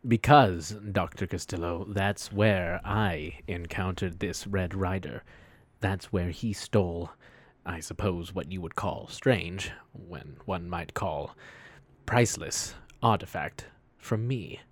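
Man doing a formal stilted scholar, lowish voice, dry close sound. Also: dry recording, full character voice. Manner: stilted, formal and slow with hesitations. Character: stiff, formal male scholar robbed of a scroll. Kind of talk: in-character tabletop role-play.

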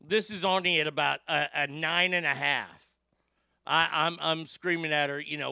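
Male talk host, brash profane storyteller; clear, smooth voice. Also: fairly high pitch, moderate pace, no room sound, studio quality. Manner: profane, loud and emphatic storyteller. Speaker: radio show host.

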